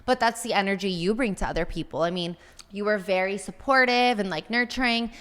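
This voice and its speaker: A woman's voice: medium pitch, brisk, fairly bright tone. A woman talking as a podcast guest in casual chat, rambling with many fillers. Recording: room with long reverb.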